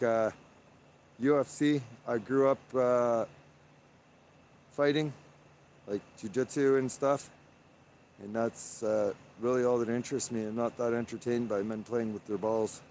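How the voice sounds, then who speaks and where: A man's voice: mid-range voice, darkish tone, a little hiss or hum. Man rambling casually on a live stream. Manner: rambling, with frequent "uh" fillers. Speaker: livestreamer. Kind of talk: casual live stream, reading chat aloud.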